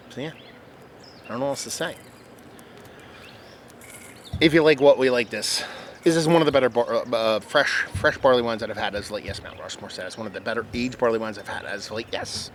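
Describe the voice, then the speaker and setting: A man's voice: medium pitch, fairly bright tone, slight background noise. A man chatting through a casual beer review outdoors at his rural home, rambling and restarting his sentences. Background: birds and outdoor sounds.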